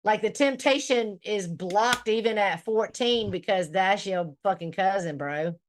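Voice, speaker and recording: A woman's voice: medium pitch, measured pace, slight background noise. A woman hosting a casual livestream, reading viewer comments aloud and reacting bluntly with plenty of swearing. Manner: blunt and profane, laughs often. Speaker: livestream host.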